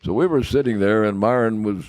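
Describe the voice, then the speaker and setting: An elderly man in his nineties with a low voice tells a story in a slow, meandering way, stopping often to restart his sentences. The sound is dry and close, with no room echo. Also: a little mellow. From United States. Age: 90s. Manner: rambling, halting, with many fillers and repeats. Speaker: podcast guest, former football player. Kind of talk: anecdotal storytelling.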